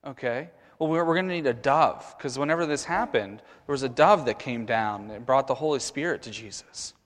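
A man's voice: medium pitch, brisk. A man leading a children's message at a church service, coaxing the kids through a skit and a short prayer. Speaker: children's sermon leader. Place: church sanctuary. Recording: long church reverb.

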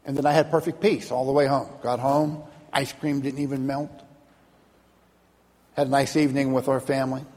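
Storytelling preacher in an echoing hall. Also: male voice, medium pitch, flat delivery, moderate pace, long pauses, darkish tone. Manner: storytelling, acting out voices of people in the story. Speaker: pastor. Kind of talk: sermon. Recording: long hall reverb.

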